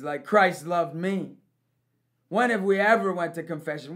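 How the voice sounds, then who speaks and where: Animated man telling a testimony. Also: high voice. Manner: animated storytelling, swinging from loud to hushed, laughing often. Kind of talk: personal testimony about forgiveness.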